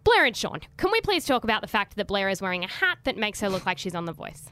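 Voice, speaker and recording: A woman co-hosting a reality TV recap podcast, talking in animated, sarcastic bursts. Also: mid-range voice, fast, a little hiss or hum. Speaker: podcast co-host. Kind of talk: casual chat.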